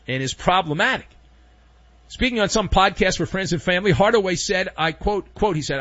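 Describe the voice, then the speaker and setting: A man hosting a sports talk show, giving opinionated commentary in a sarcastic, animated way. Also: sits high, dry recording, dull audio. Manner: sarcastic, animated, mock voices for anecdotes.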